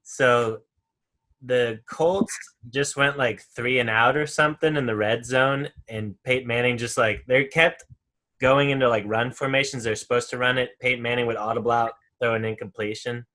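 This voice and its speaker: A man co-hosts a casual football podcast in an average, mid-range voice. He tells his story in a relaxed, conversational way. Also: medium pitch, moderate pace. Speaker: podcast co-host. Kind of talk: casual chat.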